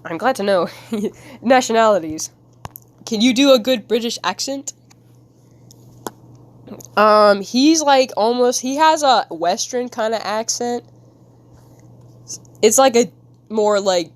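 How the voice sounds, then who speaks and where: A woman's voice: medium pitch, animated, slow pace, long pauses. Giggly woman chatting on a drawing stream. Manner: giggly, silly, rambling reactions to chat. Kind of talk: casual live-stream chat while drawing.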